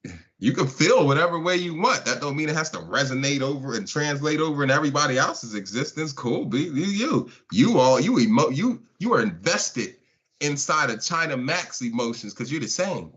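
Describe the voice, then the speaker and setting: Bright-voiced man hosting a live stream. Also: on the high side, normal speed. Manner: animated, laughing, mocking chat. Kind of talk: casual live stream talk. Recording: dull lo-fi stream audio.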